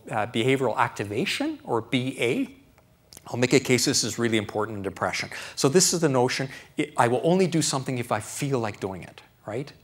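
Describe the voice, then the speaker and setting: A middle-aged man, a doctor, giving a live health lecture to an audience in a chatty, animated way, often checking in with "right?". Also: medium pitch. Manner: animated, conversational, keeps asking "right?", acts out his own thoughts.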